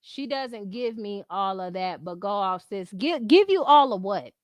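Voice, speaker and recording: A woman hosts a livestream, ranting profanely and combatively while answering her chat in casual speech, a heated bit of everyday commentary. Her medium-pitched voice is expressive and moves at a measured pace, with no echo.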